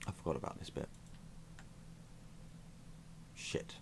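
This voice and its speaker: A man's voice: slow pace, noisy background. A man giving casual, self-mocking commentary as he plays a strategy game on his channel. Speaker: gaming YouTuber.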